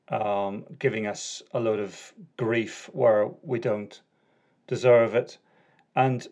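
A man's voice: fairly low pitch, darkish tone. A middle-aged man hosting a casual solo podcast, chatty, with lots of ums, uhs and restarts. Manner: chatty and self-correcting, frequent ums and uhs. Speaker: podcast host.

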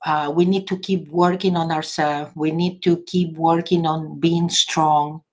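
A woman's voice: deep voice, fairly even intonation, a little slow, a little mellow. A woman from Argentina with an Argentinian accent hosting a casual livestream, chatty and earnest, laughing often. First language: Spanish. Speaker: livestream host. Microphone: device camera or phone.

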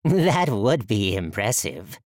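A man voicing an eerie, giggling one-eyed floating spirit, slow and grandiose with a whispery delivery. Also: lowish voice, sing-song, no room sound, clean studio sound. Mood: amused. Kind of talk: audiobook character voice.

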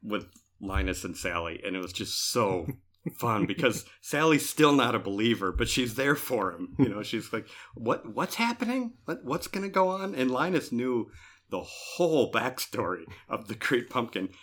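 A man's voice: on the low side, lively intonation, moderate pace, fairly bright tone. A man co-hosting a casual podcast about cartoons, talking animatedly with frequent laughter and acted-out character lines. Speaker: podcast co-host.

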